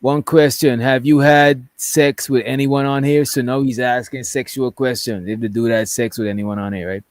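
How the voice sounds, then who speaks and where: A man's voice: medium pitch, fairly even intonation, normal speed, few pauses, no echo. A man doing casual livestream commentary, reading text messages aloud in a rambling way and often checking in with "right?". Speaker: commentary streamer.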